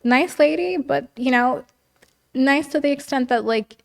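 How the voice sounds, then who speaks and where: A woman's voice: high voice, measured pace, creaky. Chatty woman guest, candid storytelling. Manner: talkative, heavy use of "like", acts out quoted dialogue. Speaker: podcast guest.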